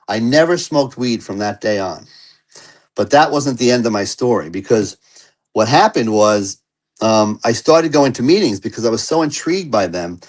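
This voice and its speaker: A man who is an interview guest, telling his personal recovery story in an earnest and animated way. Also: medium pitch, rough recording.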